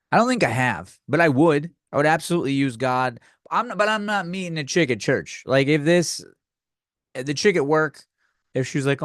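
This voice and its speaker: A man's voice: medium pitch, no room sound, clean studio sound. A man hosting a comedy podcast, ranting in a crude, sarcastic, rambling way with lots of restarts. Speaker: podcast host.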